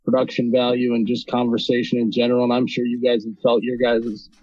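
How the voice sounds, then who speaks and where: Man from North Dakota, flat steady delivery. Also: medium pitch, a little fast, dry recording, dull audio. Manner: relaxed, with many ums and restarts. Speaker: podcast guest, video creator. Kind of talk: casual interview talk.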